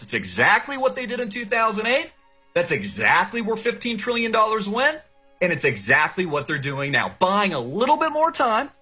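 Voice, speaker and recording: A man's voice: sits high, sharp tone. A man from the United States hosting a show, delivering an angry, impassioned political rant full of rhetorical questions. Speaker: show host.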